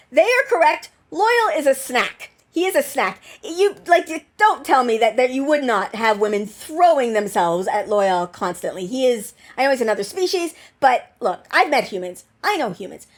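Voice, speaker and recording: A woman hosting her own channel, chatting about a TV episode in a rambling, excitable way, full of "like" and gushing bursts. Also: high-pitched. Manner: excitable and gushing, with quick bursts of squealing delight. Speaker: channel host reviewing a TV episode. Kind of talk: casual chat over episode footage.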